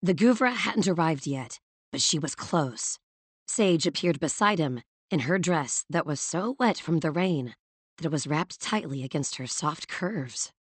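A woman narrates a novel in a measured, even manner with a lowish voice. Her reading is steady and close to the mic. The sound is dry, with no room echo. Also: breathy edge. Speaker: audiobook narrator. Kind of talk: scripted narration.

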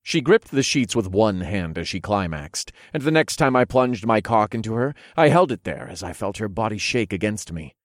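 A man narrating an erotic story in the first person, in a low, hushed, unhurried way, recorded close and dry. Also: very animated, dry recording.

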